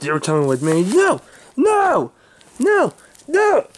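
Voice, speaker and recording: A man putting on a shrill, cursing brawler who won't leave. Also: huge pitch swings, normal speed, a little hiss or hum. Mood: panicked shouting. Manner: shouting, cursing, squealing for help. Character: belligerent loudmouth man refusing to be thrown out.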